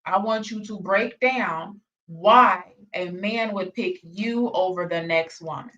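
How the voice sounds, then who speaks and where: A woman's voice: mid-range voice, fairly bright tone. A woman hosting a reaction video, challenging and questioning in a repetitive way. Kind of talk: reaction commentary. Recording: dull sound, distant from mic.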